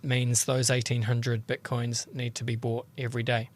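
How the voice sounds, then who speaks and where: A man's voice: mid-range voice, completely flat delivery, normal speed. A man with a mid-range voice speaks as a podcast guest. He explains patiently and steadily, laying his points out one at a time. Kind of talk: explanatory interview talk.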